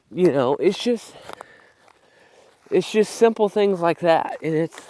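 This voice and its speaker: A young man speaks in a slightly high voice, rambling bluntly and swearing as he goes. He is out of breath from walking, talking into a phone camera outdoors on open farmland. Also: moderate pace, a little mellow, a little hiss or hum. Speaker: vlogger. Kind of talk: casual walking vlog. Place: outdoors on farm fields.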